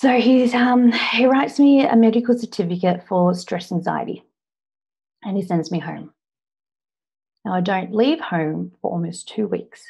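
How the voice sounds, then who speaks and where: An Australian woman in her thirties giving an earnest personal story speech, often pausing on "now" to set up the next part. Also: mid-range voice, vocal fry, a little mellow, slightly rough, highs cut off. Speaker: public speaker.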